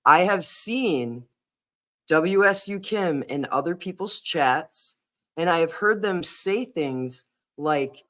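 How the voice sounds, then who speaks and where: Man, livestream host, casual chat, earnest, hesitant, fillers and restarts, slightly high voice. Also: animated, slow, fairly bright tone.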